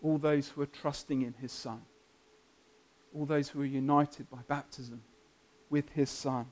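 A man preaching a sermon, earnest and emphatic, building up and then softening to a quiet close. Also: mid-range voice, steady tone, unhurried. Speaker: pastor.

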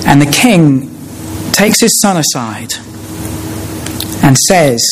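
A man preaching a sermon, explaining a passage in a measured way with frequent hesitations and restarts. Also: a little high, very animated, slight background noise.

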